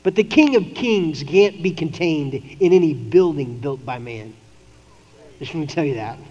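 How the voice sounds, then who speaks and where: A man preaches to his congregation in an easygoing, conversational tone, animating the characters he quotes with playful voices. His voice sits high and mellow. The audio is dull and lo-fi, with a long reverb trailing off the walls of a large church hall. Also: lively intonation, a little slow. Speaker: pastor. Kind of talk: sermon.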